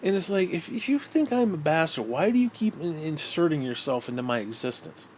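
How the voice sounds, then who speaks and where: A man's voice: fairly high pitch, big pitch swings, a little fast, a little mellow, a little hiss or hum. A middle-aged man in a casual monologue, ranting in a bitter, profane, rambling way. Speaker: vlogger.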